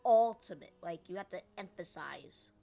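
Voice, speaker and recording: A woman's voice: on the low side, expressive, a little slow, bright, forceful tone, soft background music. A woman streamer commenting on a game, chatty and acting out lines herself. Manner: chatty, critiques and re-reads lines.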